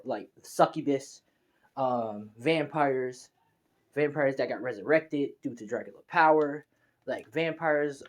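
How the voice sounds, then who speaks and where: A man's voice: mid-range voice, darkish tone. A young man narrating a fan story casually, in a rambling, slangy way. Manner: rambling, slangy, many fillers and restarts.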